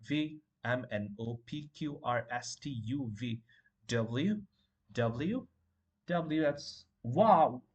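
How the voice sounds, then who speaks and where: A man's voice: medium pitch, lively intonation, drawn-out words, highs cut off. A man teaching beginners to pronounce letters, repeating each word and correcting common mistakes. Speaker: English teacher. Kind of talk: beginner pronunciation lesson.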